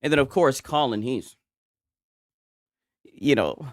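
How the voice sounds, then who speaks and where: Animated, profane man in casual commentary. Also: medium pitch, slow pace, pauses often, dry recording, clean studio sound. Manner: profane, animated, mocking, laughs often. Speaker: gaming commentary streamer.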